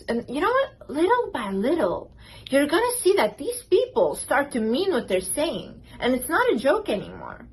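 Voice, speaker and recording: A woman's voice: sits high, sing-song, moderate pace, husky, low-quality recording. A woman vlogger giving self-confidence advice in a casual, emphatic way, blunt and repeating words for stress. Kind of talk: casual direct-to-camera advice.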